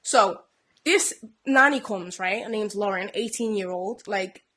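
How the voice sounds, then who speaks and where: A young woman co-hosting a podcast retells a TV plot in loose, casual talk peppered with "like" and "yeah?". Her mid-range voice is animated and lively yet unhurried, and she acts out each character's lines in little voices.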